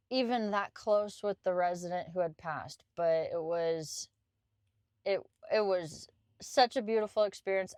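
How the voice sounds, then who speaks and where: A woman's voice: lowish voice, smooth, no room sound, clean studio sound. A woman who works as a caregiver, telling a personal story on a podcast in an emotional way that easily chokes up.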